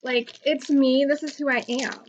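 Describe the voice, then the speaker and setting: A woman's voice: high voice, steady tone, moderate pace, lo-fi sound, a little hiss or hum, close to an everyday voice. A young woman playing a ditzy, self-absorbed valley-girl YouTuber in a comic monologue, rambling and saying "like" constantly. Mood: chatty, indignant. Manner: says "like" constantly, gossipy rambling. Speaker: comedy channel host.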